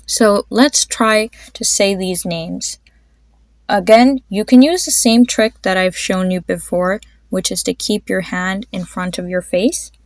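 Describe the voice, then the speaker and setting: A woman's voice: mid-range voice, no echo, studio quality. Encouraging young woman teaching pronunciation. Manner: encouraging, patient, demonstrates sounds slowly. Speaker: podcast host teaching name pronunciation. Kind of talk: instructional podcast.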